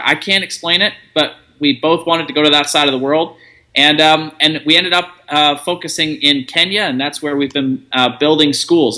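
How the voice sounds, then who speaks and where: A middle-aged man chatting as an interview guest, relaxed and talkative, acting out bits of dialogue as he tells a story. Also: fairly high pitch.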